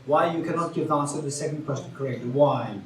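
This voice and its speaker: A man's voice: fairly high pitch, fast talker, a little hiss or hum. A man giving an interactive Buddhist teaching, asking the audience questions and repeating key phrases. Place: retreat teaching hall. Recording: roomy hall sound from far off.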